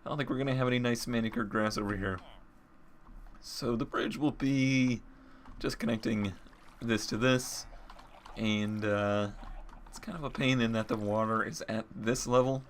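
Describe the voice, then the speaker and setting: A man's voice: medium pitch, fairly even intonation, moderate pace, slight background noise. A man giving casual gameplay commentary as he builds, thinking aloud and restarting his sentences. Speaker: Minecraft let's player.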